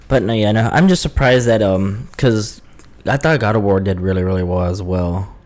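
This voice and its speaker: A man's voice: lowish voice, normal speed, a little mellow. A man co-hosting a podcast, chatting casually and often backing up his partner. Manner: backchannels a lot, laid-back. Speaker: podcast co-host.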